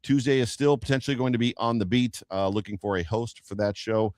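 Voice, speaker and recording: A man hosting a casual sports podcast, talking in lively quick bursts. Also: fairly low pitch, no echo, clean studio sound. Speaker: podcast host.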